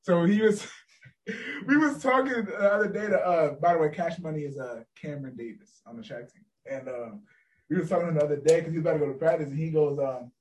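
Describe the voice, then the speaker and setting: Young man, quick slangy casual chat, lots of laughs, recorded a bit off mic. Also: a little high, distant mic. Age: young adult. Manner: animated storyteller, slangy, laughs often. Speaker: podcast co-host.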